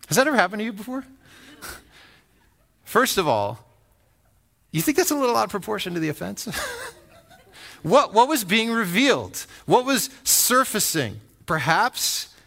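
A man's voice: a little high, vocal fry. A man preaching a sermon in a conversational way, telling stories, acting out the voices in them and asking his listeners questions. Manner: animated storytelling that acts out voices; conversational, asks the audience questions. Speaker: pastor.

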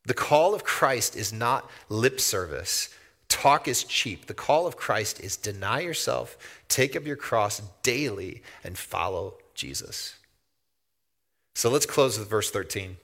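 A middle-aged man preaching a sermon as a pastor, talking conversationally and then swelling into loud, emphatic outbursts. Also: lowish voice, lively intonation, slow pace. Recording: long hall reverb.

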